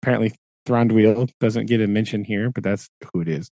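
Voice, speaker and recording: Animated man retelling a story. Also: fairly low pitch, fairly quick, dry recording. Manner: animated, acts out characters' lines with filler "like". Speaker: podcast co-host. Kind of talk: casual retelling of a book chapter.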